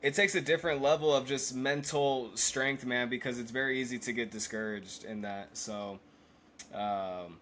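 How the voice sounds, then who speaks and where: A man's voice: mid-range voice, normal speed, a bit bright, a little hiss or hum. A man speaking as a podcast guest in casual chat, hesitant with many fillers and restarts.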